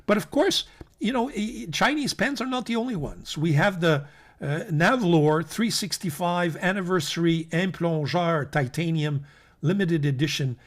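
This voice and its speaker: A man hosting a weekly pen roundup, his voice sitting a little higher than most men's. He rambles casually, stumbling over restarts and filling pauses with ums and uhs, and he talks straight to the viewers as folks. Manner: rambling, many fillers and restarts. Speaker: fountain pen channel host.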